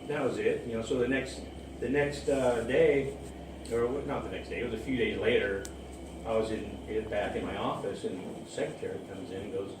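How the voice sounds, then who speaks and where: Man, casual storyteller, laughs a lot, mid-pitched, set back from the mic in an echoey space with steady background noise. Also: brisk. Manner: rambling, laughs often at his own story. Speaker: storyteller recounting his own romance. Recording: roomy, distant mic, ambient noise.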